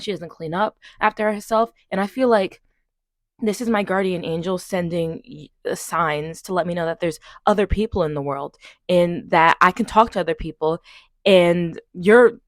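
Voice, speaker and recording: A woman voicing a chatty young female stranger who rambles and overshares, in a lower, softer voice than her own. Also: dry recording, studio quality, natural voice. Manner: rambling, offhand, full of fillers.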